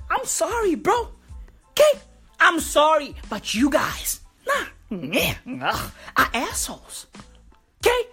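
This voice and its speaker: A woman's voice: extremely high pitch, a bit bright. A woman delivering a profane, mocking comedy rant full of slang.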